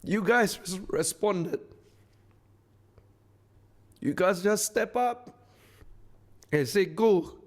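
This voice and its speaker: A company founder with a Singaporean English accent addresses a masterclass audience in a live stage speech, effusive and repetitive, meant to rally the crowd. His voice is high-pitched and animated, and he speaks extremely slowly with long pauses.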